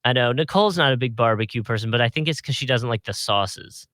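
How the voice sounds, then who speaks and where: A man's voice: medium pitch, fast talker, fairly bright tone, no echo. Easygoing young man co-hosting a podcast. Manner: easygoing, laughs often, chatty asides. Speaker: podcast co-host. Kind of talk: casual sports podcast chat.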